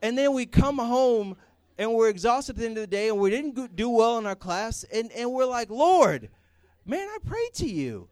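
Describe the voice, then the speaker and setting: A young man giving a casual, comedic sermon, animated and joking as he acts out people praying. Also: very high-pitched, fairly quick, smooth, no room sound. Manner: animated, jokey, acts out prayers in put-on voices. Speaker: youth speaker.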